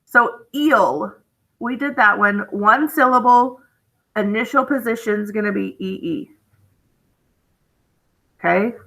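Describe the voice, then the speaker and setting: A woman's voice: mid-range voice, takes it slowly, gravelly, pauses often, pushed and bright, low-quality recording. A woman, teaching a recorded phonics lesson in a chatty, encouraging way and often checking in with "okay?".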